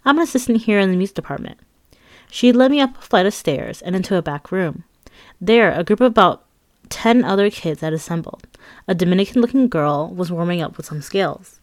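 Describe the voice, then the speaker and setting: A woman's voice: on the low side, expressive, brisk, dry recording. A woman narrating her own memoir with a candid, wry, conversational manner.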